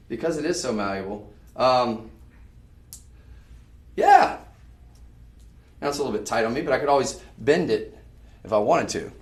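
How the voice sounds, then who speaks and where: An upbeat man hosts a live jewelry sales stream in a chatty, salesy way. His voice sits in the middle range and carries the echo of a roomy studio. He sounds a little way off from the mic. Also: mid-range voice. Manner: upbeat, chatty, salesy, addresses viewers as ladies and folks. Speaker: shopping channel jewelry host. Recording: echoey room, voice from a distance.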